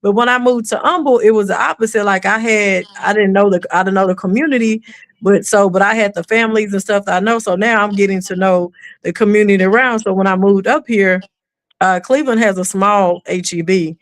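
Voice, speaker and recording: A mother of an autistic son from East Texas, guesting on a podcast, tells stories animatedly in a medium-pitched, slightly fast voice with no echo. She acts out quoted voices and drops into a whisper when quoting.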